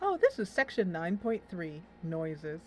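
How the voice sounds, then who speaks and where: A woman's voice: fairly low pitch, very animated, measured pace, soft background music. A woman hosting a game playthrough, chatting and reading the game text aloud. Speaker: gameplay host. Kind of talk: let's play commentary.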